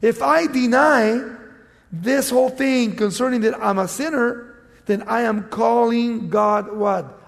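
High-voiced preacher in an echoing hall. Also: male voice, a little slow, gravelly. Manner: emphatic, asks the congregation and answers himself. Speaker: pastor. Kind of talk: sermon. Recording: long hall reverb.

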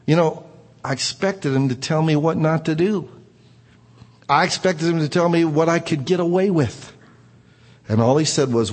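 A man telling a personal story aloud in an earnest way, rising to excited emphasis. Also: fairly high pitch, normal speed, pauses often. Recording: reverberant room.

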